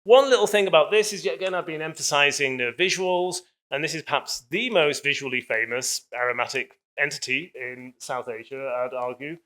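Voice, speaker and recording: Bright-voiced enthusiastic male lecturer. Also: a little high, brisk, hardly any pauses. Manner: enthusiastic, chatty, many fillers and laughs. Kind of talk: public lecture storytelling.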